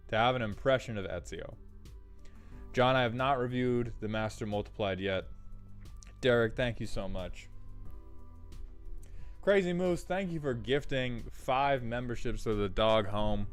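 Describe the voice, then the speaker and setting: A male streamer chats with his live audience in an upbeat, casual way, greeting viewers one by one. His voice sits fairly low and sounds smooth and clear, with soft music playing faintly behind him.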